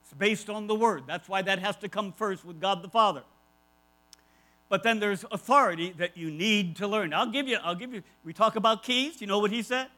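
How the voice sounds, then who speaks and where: A man's voice: sits high, moderate pace, sharp tone, poor audio. A man preaching a conversational sermon, emphatic and repeating key phrases, with asides to his listeners.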